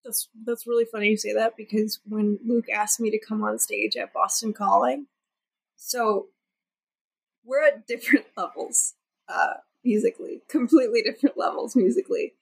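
A woman's voice: a little high, steady tone, normal speed, vocal fry, breathy edge, poor audio. A young woman singer-songwriter chatting casually as an interview guest, with lots of "like" fillers. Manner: chatty, many "like" fillers, laughs often.

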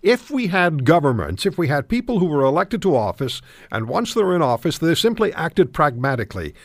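A man's voice: a little high, big pitch swings, a little fast, no echo. A man hosting a talk radio show, interviewing guests and giving emphatic commentary with frequent restarts.

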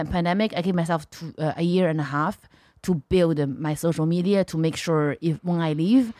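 A woman's voice: on the low side, darkish tone, no echo, clean studio sound. A middle-aged woman with a Chinese accent, speaking bluntly in broken English as a comedian guest on a podcast. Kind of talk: casual podcast chat.

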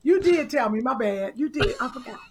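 A woman co-hosting a casual chat, playful and teasing, with a husky voice. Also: high voice, animated, fairly quick, noisy background. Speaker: co-host.

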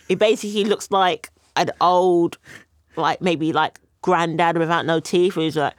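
A comedian retelling a story in a halting, rambling way, laughing along. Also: mid-range voice, fairly bright tone, no echo, studio quality.

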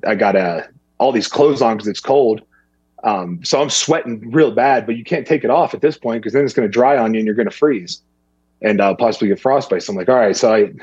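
Husky man telling a hunting story. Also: mid-range voice, dry recording, dull audio. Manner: rambling, animated when quoting others. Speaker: guest. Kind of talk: casual storytelling.

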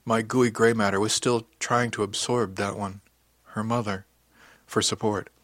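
A young man narrating an audiobook in the first person at a steady, plain storytelling pace. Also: on the low side, unhurried, no echo.

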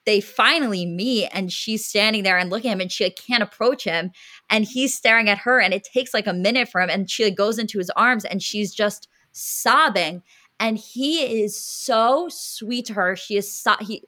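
A woman's voice: medium pitch, normal speed, sharp tone. A young woman co-hosting a podcast, telling a story in an emotional, gushing way with lots of filler words. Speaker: podcast co-host. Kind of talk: casual chat.

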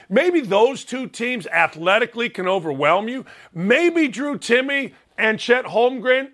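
A man with a Chicago accent hosts a sports talk show, and his voice sits high for a man. He talks bluntly and brashly, and he is quick to poke fun at himself. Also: a bit bright. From Northwest Indiana. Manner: blunt, brash, self-mocking. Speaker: sports radio host.

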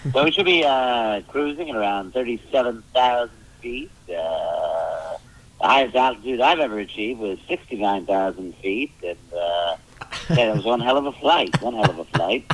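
A man's voice: on the low side, expressive, rough recording. A man doing a rambling, crude airline captain. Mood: deadpan. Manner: halting announcements full of "uh", off-color asides. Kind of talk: comic impression of a pilot announcement.

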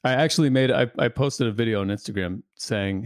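A man's voice: mid-range voice, a little fast, no room sound, studio quality. A man co-hosting a podcast, teasing playfully in casual chat. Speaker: podcast co-host.

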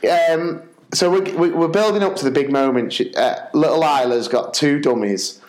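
A man's voice: fairly high pitch, normal speed. A man co-hosting a podcast, telling a comic anecdote with many restarts and quoted voices. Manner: animated, quotes people in put-on voices, rambling restarts. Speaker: podcast co-host, primary teacher. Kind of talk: comic storytelling chat. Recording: echoey room.

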